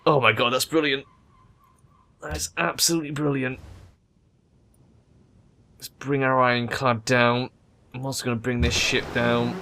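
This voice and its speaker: A young man giving loose, excitable gameplay commentary, thinking aloud and swearing freely. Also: medium pitch, a little hiss or hum. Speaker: let's play gamer.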